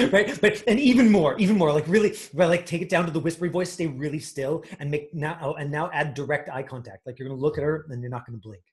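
A man's voice: fairly high pitch, brisk. A man coaching an acting class, talking in a rambling way with many fillers and restarts.

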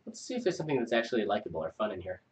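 A man's voice: on the low side, slight background noise. Guy hosting a live script review, lots of up and down in his voice, chatty asides. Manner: animated, quick asides between script lines. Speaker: host reading a viewer script. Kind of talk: live chat critique.

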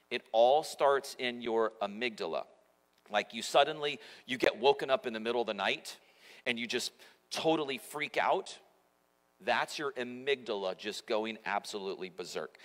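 A man's voice: mid-range voice, fairly bright tone. A pastor in his forties preaching a sermon in a conversational, self-mocking storytelling manner. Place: church auditorium. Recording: echoey church hall.

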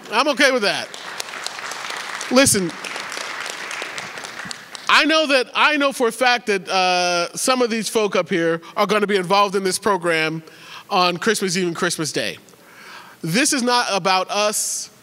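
A man with a high, bright voice gives announcements to his congregation from the pulpit. He is chatty and joking, often stumbling and restarting his words. His voice rings out with a long reverb in a large church sanctuary. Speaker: pastor.

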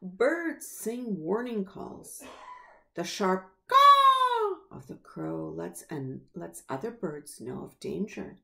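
A woman reading a children's story aloud in a slow, expressive storybook manner. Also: mid-range voice, vocal fry.

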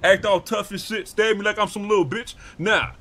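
A man's voice: high-pitched, steady tone, fairly quick, a bit bright, a little hiss or hum. A man roleplaying a gangster in a game, issuing profane street-talk threats.

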